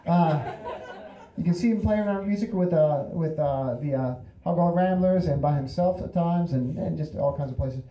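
A man acting as emcee, introducing the next performer at a live show in a halting, hesitant way. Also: on the high side, mellow. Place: live venue. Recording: roomy venue, distant from mic.

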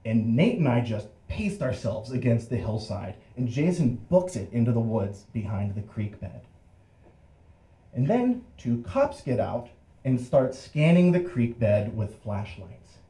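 A man's voice: medium pitch, measured pace. A young adult man telling a first-person story, acting out the voices of the people in it. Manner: animated, acts out voices in the story and laughs through it. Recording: roomy echo.

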